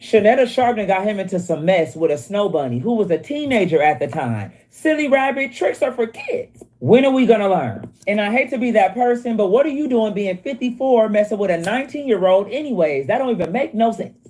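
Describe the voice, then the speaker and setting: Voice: mid-range voice, animated, a little mellow. A narrator reading scripted, mocking celebrity commentary. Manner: quick, mocking, punchy delivery.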